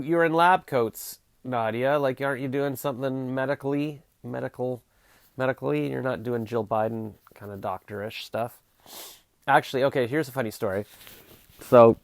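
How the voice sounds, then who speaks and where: A man's voice: fairly low pitch, no echo. A Canadian man in his forties chatting on a livestream, rambling through restarts with wry, sarcastic asides. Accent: Canadian English. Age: 40s. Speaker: vlogger answering live chat. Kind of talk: casual rambling livestream chat.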